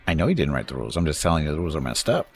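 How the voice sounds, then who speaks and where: A man's voice: very deep voice, big pitch swings, racing, husky. A man casually commenting on his space strategy game during a live stream, rambling, thanking viewers and joking about word pronunciations.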